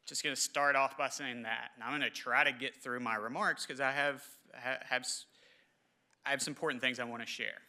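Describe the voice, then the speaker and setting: A man, giving a halting, emotional memorial ceremony speech in a large hall. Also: medium pitch, sharp tone. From southern West Virginia. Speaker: government official speaker.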